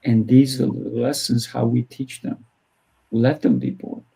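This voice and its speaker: A man's voice: mid-range voice, a little slow, gravelly, dark tone, slightly rough, low-quality recording. A man hosting an interview, talking in a firm coaching way and acting out little exchanges with kids. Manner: firm, coaching tone, acts out dialogue. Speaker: host and martial arts teacher. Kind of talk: casual interview chat.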